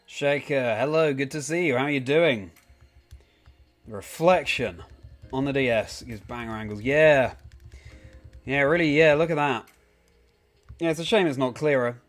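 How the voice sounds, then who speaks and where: A man's voice: medium pitch, normal speed, pauses often, soft background music. Chatty man greeting his stream viewers. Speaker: live streamer. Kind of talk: casual live-stream chat.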